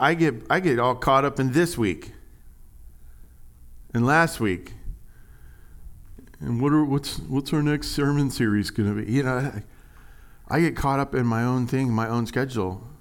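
A man preaching a sermon, animated and jokey, swinging from quiet asides to loud, high exclamations. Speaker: pastor.

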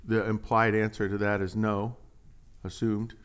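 A man preaching a conversational sermon as pastor, animated and joking, swinging from hushed asides to loud emphasis. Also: on the low side, unhurried, clear, resonant tone.

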